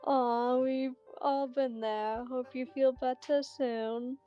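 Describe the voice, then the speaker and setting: Lady reading as a sweet small-town gal, slow and friendly, kinda high voice. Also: steady tone, dull audio, soft background music. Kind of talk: reading game dialogue aloud.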